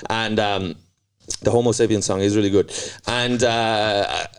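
A man's voice: fairly low pitch, unhurried, smooth. A man, a comedian, telling a story in casual chat with a profane, ranting delivery. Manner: profane, ranting, animated retelling.

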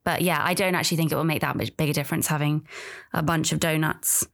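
Woman in her 30s, low voice, chatty, trails off n restarts a lot. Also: steady tone, fast, creaky, fairly bright tone. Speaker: podcast host. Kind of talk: casual solo chat about pregnancy and birth.

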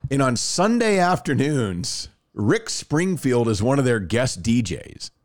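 A man co-hosting a podcast, chatting casually and telling stories with quick asides. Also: medium pitch. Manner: animated storytelling, fast asides. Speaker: podcast co-host. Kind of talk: casual chat.

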